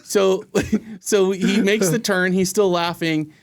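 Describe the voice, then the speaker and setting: A man, a podcast guest, telling a funny story in a casual way, animated, laughing and swearing as he goes. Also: sits high, slow pace.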